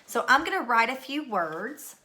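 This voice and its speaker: A woman's voice: a little high, big pitch swings, normal speed, bright, forceful tone. A middle-aged woman teacher recording a spelling lesson at home, patiently calling out words and spelling them letter by letter.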